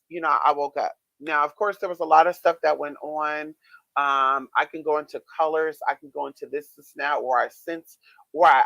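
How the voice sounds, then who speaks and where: A man vlogging, casually telling his viewers a story in a chatty, expressive way with frequent swearing. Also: on the high side, vocal fry, no room sound. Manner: chatty, expressive, swears freely, many fillers.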